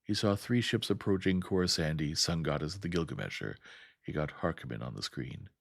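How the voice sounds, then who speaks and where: A man reading a science fiction novel aloud as a calm, steady audiobook narrator. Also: a bass voice, a little fast, vocal fry, no room sound, clean studio sound.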